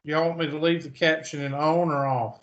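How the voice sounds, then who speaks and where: Teaching math online through a muffled video call, a man with a Southern US drawl talks in a chatty way and thinks aloud along the way. His voice sits a little high, slightly bright and steady in tone, at an ordinary pace.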